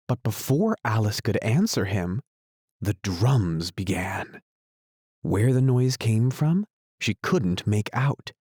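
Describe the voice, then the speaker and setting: A man narrating a classic children's novel as an audiobook, in a measured, unhurried way. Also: lowish voice, big pitch swings, a little mellow, husky, no room sound, studio quality. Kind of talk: scripted narration.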